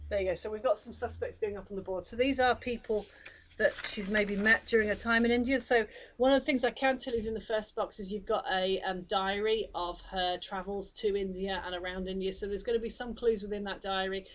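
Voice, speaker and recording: A woman's voice: mid-range voice, steady tone, brisk, rough recording. Chatty woman co-hosting a live stream, talking through a game setup over faint background noise. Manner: chatty, explanatory, frequent fillers. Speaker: co-host demonstrating a mystery game. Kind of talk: casual live stream demonstration.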